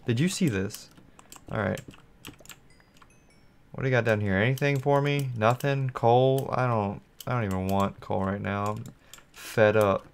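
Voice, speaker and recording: A man talks his way through a solo game session, rambling and thinking aloud as he plays. His voice is smooth and clear, sitting at an ordinary middle pitch, and he often turns to address his viewers directly. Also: fairly bright tone. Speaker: gaming channel host. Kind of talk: solo gameplay commentary.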